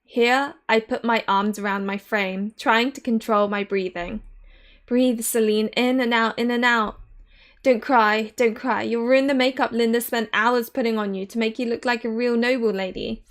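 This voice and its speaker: A woman in her thirties, excitably reading a visual novel aloud and reacting with giggles. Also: on the high side, moderate pace. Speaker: game streamer.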